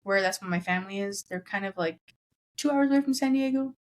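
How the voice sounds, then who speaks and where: A woman's voice: mid-range voice, fast. Young woman, Southern California, casual podcast guest, chatty and filler-heavy. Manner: chatty, heavy use of "like", acts out family members' lines. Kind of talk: casual chat.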